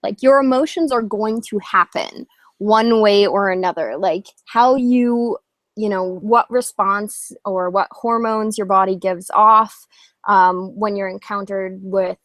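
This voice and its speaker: A woman's voice: mid-range voice, dry recording. A woman co-hosts a casual podcast with a mid-range voice. She tells stories chattily and laughs often, recorded with a dry, close sound. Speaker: podcast co-host. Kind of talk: casual chat.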